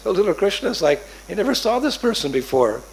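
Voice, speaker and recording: A man with a fairly high voice tells a sacred story in his sermon. He is an animated storyteller who jumps into the voices of his characters. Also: fairly quick, creaky, a little hiss or hum. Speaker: preacher.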